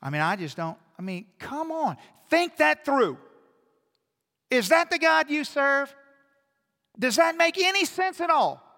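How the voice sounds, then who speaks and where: High bright-voiced preacher in a big hall. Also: male voice, big pitch swings, measured pace, pauses often. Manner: swings from hushed intimate asides to loud emphatic exhortation. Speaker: pastor. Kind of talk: sermon. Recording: long hall reverb.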